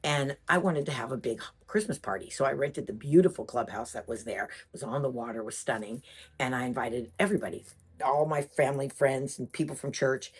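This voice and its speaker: Low, husky woman telling a story. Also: brisk. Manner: animated, chatty, emphatic. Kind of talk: personal storytelling.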